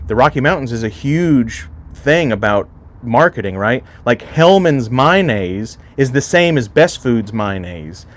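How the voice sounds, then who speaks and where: A man from Alaska hosting a laid-back livestream, talking straight to his chat. He rambles from one thought to the next and peppers nearly every sentence with swearing, in a voice of ordinary pitch. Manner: rambling and heavily profane, chatting directly to viewers. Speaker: livestream host. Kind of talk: casual livestream chat with viewers.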